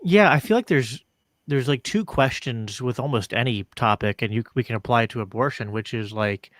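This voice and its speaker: A man's voice: medium pitch, a bit bright, dry recording. A filler-heavy male podcast host, dry sound. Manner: loose, filler-heavy talk with frequent "like" and quick laughs. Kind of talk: casual conversational interview.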